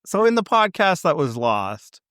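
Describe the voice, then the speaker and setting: A Canadian man co-hosting a podcast in casual chat, rambling with quick asides and restarts. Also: on the high side, sing-song, fairly bright tone, dry recording, clean studio sound. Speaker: podcast co-host.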